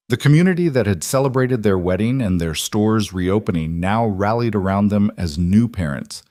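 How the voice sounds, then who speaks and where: Low-voiced male story narrator. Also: a little mellow, no room sound, studio quality.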